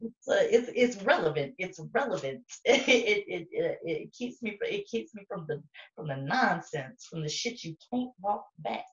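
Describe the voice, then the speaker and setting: A woman's voice: medium pitch, big pitch swings, measured pace. A woman co-hosting a podcast in rowdy, profane casual chat, laughing often. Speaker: podcast co-host. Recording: echoey, distant, dull mic.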